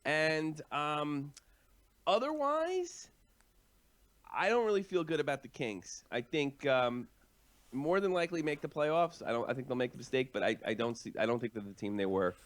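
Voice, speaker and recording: A man's voice: on the high side, animated, moderate pace. A man co-hosting a casual sports chat, talking in a rambling, hesitant way with many fillers. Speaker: co-host.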